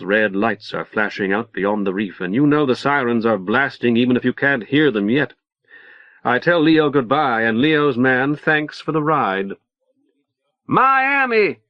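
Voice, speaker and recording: A man narrating a literary short story in the first person, measured and dry. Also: medium pitch, no echo. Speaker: audiobook narrator. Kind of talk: literary audiobook reading. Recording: dull lo-fi cassette recording.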